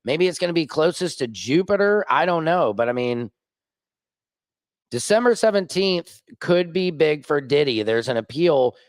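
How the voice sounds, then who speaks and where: A man vlogging as an independent journalist, ranting casually and joking, swinging between high excited bursts and low mutters. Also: no room sound. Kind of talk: casual vlog rant. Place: rooftop.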